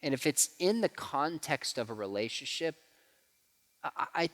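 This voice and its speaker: Animated man in an echoing church hall. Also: on the high side, a little slow. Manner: animated storyteller who acts out quotes. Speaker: guest speaker. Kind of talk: church talk with Q&A. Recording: hall reverb.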